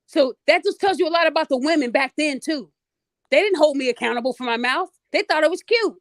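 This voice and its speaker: Blunt, high-voiced woman host. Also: a little fast, no room sound. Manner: animated, blunt, talks straight to listeners. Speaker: podcast host. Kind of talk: casual storytelling monologue.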